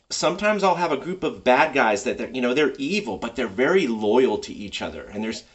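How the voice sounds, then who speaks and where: A man giving casual, enthusiastic advice as a tabletop game master, rambling a little as he thinks out loud. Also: mid-range voice, recorded from a distance.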